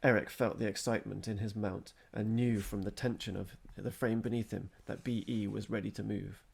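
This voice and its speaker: A man reading a story aloud, steady and measured. His voice is low and gravelly with a husky edge. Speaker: narrator.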